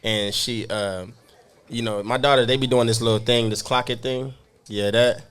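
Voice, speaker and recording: A man's voice: mid-range voice, fairly even intonation, moderate pace, a bit bright, smooth. Man, podcast host, laid-back storyteller who laughs a lot. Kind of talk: casual podcast chat.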